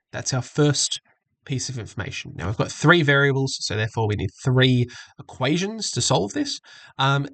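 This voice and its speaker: Man, maths teacher, patient exam walkthrough, self-correcting, gravelly, mid pitch. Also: fairly bright tone, dry recording. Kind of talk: screen-recorded exam walkthrough.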